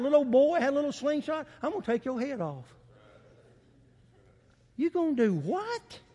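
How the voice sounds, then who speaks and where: A man's voice: high voice, long reverb tail. A man preaching a sermon in a church, calling for amens and acting out the quotes he reads. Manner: emphatic preaching with call-and-response, acts out quotes. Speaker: pastor. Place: church sanctuary.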